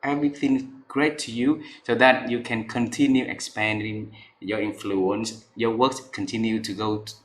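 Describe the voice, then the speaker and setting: A man's voice: mid-range voice, fairly even intonation, normal speed, roomy sound, a little hiss or hum. A man hosting an interview, effusive and full of praise, speaking with repeats and restarts. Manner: effusive, repeats and restarts, non-native grammar. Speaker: interview host.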